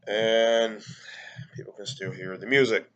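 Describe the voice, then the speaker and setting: A man's voice: lowish voice, steady tone, a little slow, a bit bright, muffled recording, faint music behind. A man with a congested, nasal voice reviewing a beer at home, rambling and hesitant with many fillers. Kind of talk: casual home review vlog. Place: at home, moving between rooms. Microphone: laptop built-in mic.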